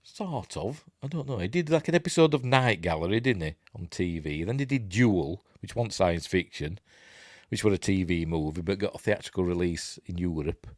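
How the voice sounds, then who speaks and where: Yorkshire man, live-stream news host, rambling chatty commentary, animated voice, dry close sound. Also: low-pitched, moderate pace, dry recording. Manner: rambling, chatty asides while reading articles aloud.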